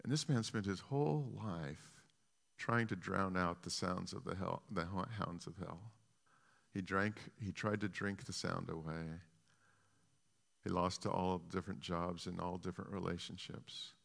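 Preacher: man, low gravelly bright voice, impassioned, hushed-to-loud swings, long hall reverb. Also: a little slow. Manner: repetitive, restarting phrases. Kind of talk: sermon.

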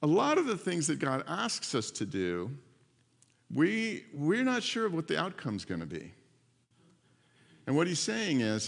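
Pastor preaching with hall reverb. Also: male voice, a little high, unhurried, gravelly, long pauses, breathy edge. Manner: storytelling, animated, acts out voices. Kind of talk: sermon.

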